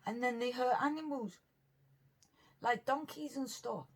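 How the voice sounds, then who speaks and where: A woman's voice: fairly high pitch, a little slow, long pauses, slightly rough. A woman from Britain, chatting in a rambling, earnest way while eating on camera for her vlog. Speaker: mukbang vlogger. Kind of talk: casual eating chat.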